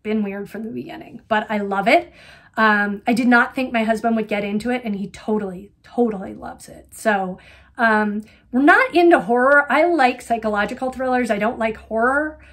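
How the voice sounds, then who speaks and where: Middle-aged woman rambling on her knitting podcast, lots of ums, kinda high voice. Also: moderate pace, fairly bright tone. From Colorado, USA. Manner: chatty, rambling, lots of ums, wry asides. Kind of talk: casual chat.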